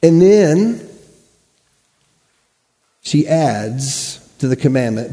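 A man's voice: medium pitch, takes it slowly, pauses often, mellow. Earnest male preacher in a reverberant hall. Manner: earnest, rhetorical questioning, emphatic repetition. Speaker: pastor. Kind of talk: sermon. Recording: long reverb of a large hall.

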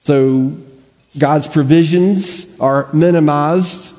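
A male pastor preaches a sermon earnestly, leaning on rhetorical questions and emphatic repetition. His voice is a little high, slow and mellow, with the long reverb of a large hall.

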